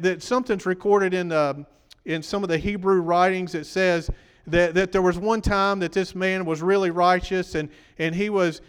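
A man's voice: high voice, smooth, big-room sound. A man preaching a sermon, talking conversationally and quizzing the congregation, his voice worn from preaching.

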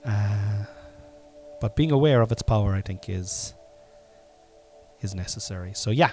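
A middle-aged Irish man hosting a podcast from home while sick, coughing now and then, rambling and swearing, with sudden loud bursts. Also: on the low side, a little slow, soft background music. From Ireland. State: sick with covid, congested and coughing. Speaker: podcast host. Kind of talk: casual solo podcast monologue.

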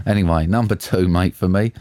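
A man's voice: deep voice, moderate pace, dark tone, dry recording. A man co-hosting a casual podcast chat, laid-back and jokey, with some swearing. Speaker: podcast co-host.

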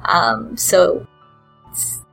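A woman's voice: very slow, a bit bright, faint music behind, rough recording. A woman hosting a casual podcast chat, recapping a game in a rambling, hesitant way with cheeky asides. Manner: rambling, hesitant, with frequent ums and laughs; cheeky and irreverent.

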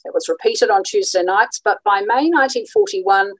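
A woman's voice: on the high side, big pitch swings, normal speed, gravelly, fairly bright tone, no echo, poor audio. A woman presenting a talk on radio history in a conversational way, with frequent ums and restarts. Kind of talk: informal illustrated talk.

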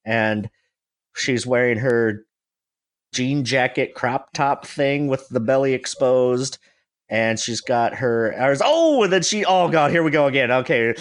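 A man, a regular of a comedy show, rushing to describe a music video as it plays, stammering, swearing and laughing. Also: mid-range voice.

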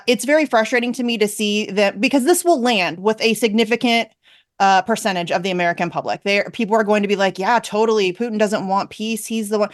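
A young woman hosting a political talk show, ranting animatedly in exasperation. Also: mid-range voice. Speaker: show host. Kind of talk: political commentary chat.

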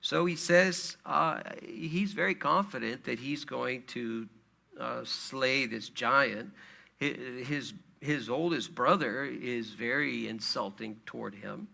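A man's voice: medium pitch, measured pace, gravelly, sharp tone. A man preaching a sermon in a conversational way, with fillers and rhetorical questions. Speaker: pastor.

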